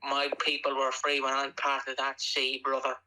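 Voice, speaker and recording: A man doing a lowered, rambling impression of a boastful wrestling star, full of catchphrases. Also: completely flat delivery, moderate pace, bright, forceful tone, low-quality recording. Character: parody of a famous male wrestler, boastful, rambling, conspiratorial.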